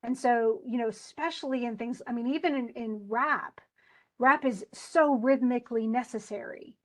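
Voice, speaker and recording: Speaking at a moderate pace in a voice on the high side, a female teacher lectures in a chatty, enthusiastic way. She frequently restarts and self-corrects while explaining.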